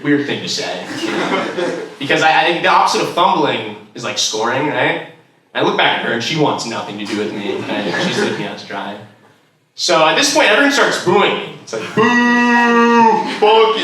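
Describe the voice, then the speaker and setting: A man's voice: mid-range voice, very animated, fairly quick. A young man telling a rambling stand-up story, full of fillers, to a laughing crowd. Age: young adult. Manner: rambling, filler-heavy delivery. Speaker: stand-up comedian. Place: large echoey room, heard from far off. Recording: echoey room, distant mic, noisy. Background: audience laughter.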